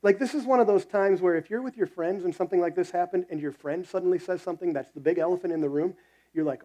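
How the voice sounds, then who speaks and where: Male pastor, conversational sermon with quoted voices; warm, slightly high. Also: quick pace, lo-fi sound.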